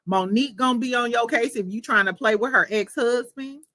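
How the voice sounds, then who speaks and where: A woman's voice: fairly high pitch, a little fast, bright, forceful tone, no room sound. Sassy woman, gossip host, laughs a lot, dry close sound. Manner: chatty and sassy, laughs often. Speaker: podcast host. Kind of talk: casual gossip commentary.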